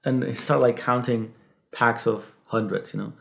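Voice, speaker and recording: A man's voice: mid-range voice, fairly even intonation, normal speed, gravelly, a bit bright. A man, an English speaker, telling a story in an interview, rambling with restarts and swearing. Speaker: guest, local fixer.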